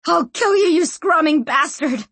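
A woman's voice: high voice, expressive, a little slow, a bit bright, no room sound, pitched above the performer's own voice, full character voice. A woman voicing a desperate young woman thief who shrieks in panic and repeats herself in an audiobook. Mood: screaming.

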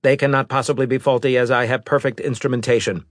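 A man's voice: medium pitch, fairly even intonation, quick pace, no room sound, studio quality, voice pushed up, natural voice. Man doing a stiff, demanding alien robot. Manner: stiff, formal and insistent.

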